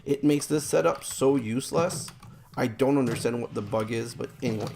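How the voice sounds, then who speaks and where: A man's voice: medium pitch, moderate pace, creaky, a little mellow, slight background noise. A man giving rambling, self-mocking let's play commentary as he plays a game, groaning about his own mistakes.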